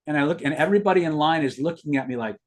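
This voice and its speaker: In a rapid-fire, somewhat high voice, a middle-aged live-stream host fields viewers' comments. His casual personal story rambles, with words repeated here and there.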